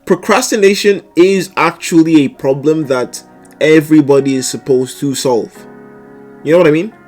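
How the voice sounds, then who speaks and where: A young man streaming live, chatting casually and animatedly, with sudden loud outbursts and laughter between mumbled asides. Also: fairly high pitch, normal speed, faint music behind. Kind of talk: casual livestream chat.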